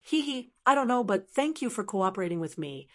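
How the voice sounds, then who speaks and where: A mischievous young woman who giggles and teases her friends, lightly raised and bright, as a woman narrator puts her on. Her voice sits at an ordinary middle pitch with a playful lilt. It suits an audiobook of a web novel. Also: very animated, a little fast. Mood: giggly. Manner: giggly, teasing.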